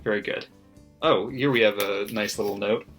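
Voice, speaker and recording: At normal speed, a book vlogger with a lowish, fairly bright voice reads out his margin notes in an offhand way, laughing often and swearing freely over faint background music.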